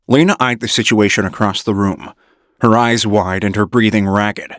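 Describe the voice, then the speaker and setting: A man reading an audiobook in measured first-person narration. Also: lowish voice, fairly even intonation, fairly bright tone, dry recording, studio quality.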